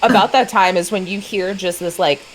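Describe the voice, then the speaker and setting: A woman's voice: mid-range voice, normal speed, a little hiss or hum, low-quality recording. A young woman narrating as game master in a casual, chatty way.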